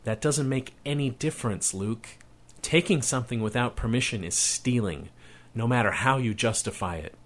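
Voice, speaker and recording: A man's voice: mid-range voice, normal speed, lightly acted. A man reading aloud and voicing a tired mother who scolds her son firmly but lovingly. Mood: stern. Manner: firm, scolding, tender underneath.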